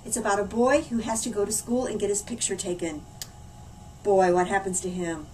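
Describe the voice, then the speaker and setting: A woman as a library story lady, reading a silly picture book aloud to children in a playful, animated way. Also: medium pitch, fairly quick, distant mic, a little hiss or hum, rough recording. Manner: animated, playful, swooping between hushed and loud.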